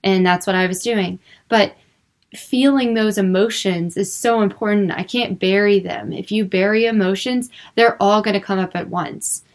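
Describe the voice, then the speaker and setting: A woman's voice: medium pitch, moderate pace. A young woman speaking earnestly about faith and emotions in a personal, unscripted way, with lots of filler words. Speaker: Christian speaker.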